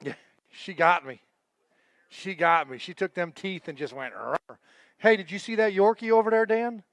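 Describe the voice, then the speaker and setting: A man emcees a fishing tournament weigh-in live, chatting and joking with the anglers and crew. His high voice is steady and fairly bright, at normal speed, with no room sound.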